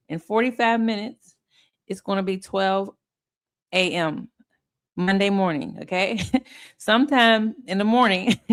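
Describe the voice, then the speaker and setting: A woman's voice: mid-range voice, fairly bright tone. Woman commentary host with a mid-range voice: blunt, profane, laughs through her takes. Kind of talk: casual commentary.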